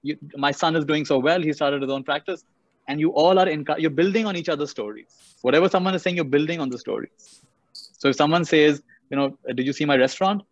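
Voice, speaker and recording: Brief: brisk male motivational speaker, dry dull call audio, repeats phrases. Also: a little high, no room sound. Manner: storytelling, repeats key phrases for emphasis. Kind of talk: motivational talk on a video call.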